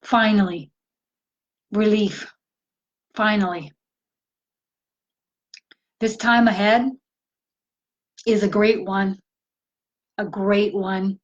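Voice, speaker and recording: A woman voicing a wise, joyful female earth spirit, speaking in a slow, solemn and direct way. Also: medium pitch, fairly even intonation, highs cut off. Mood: joyous, solemn.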